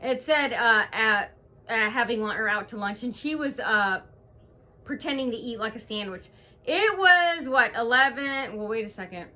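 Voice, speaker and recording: Brief: woman vlogger at home, bright and tense voice, halting aggrieved rant. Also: on the high side, lively intonation. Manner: rambling, aggrieved retelling full of hesitations. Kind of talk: casual to-camera vlog monologue.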